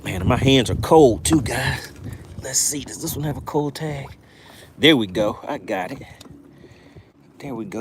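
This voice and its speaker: An excitable man hosts a live fishing stream from a boat outdoors. His voice is slightly high and very lively, jumping around as he calls out playful catchphrases. A faint background noise runs under it. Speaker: fishing livestream host.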